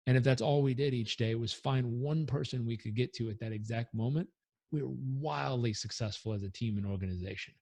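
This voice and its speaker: An earnest, energetic man speaks as a coach in an interview, his voice sitting at a middle pitch. The recording is close and dry, with no room sound. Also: fairly quick, no room sound. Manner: earnest, energetic, leads breathing exercise aloud. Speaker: performance coach guest. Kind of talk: podcast interview answers.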